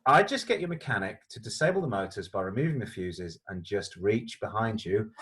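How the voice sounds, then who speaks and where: A man's voice: fairly low pitch, brisk. A middle-aged man co-hosting a car show, chatting casually through viewer letters in a jokey, stammering way. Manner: lively, jokey, stammering restarts.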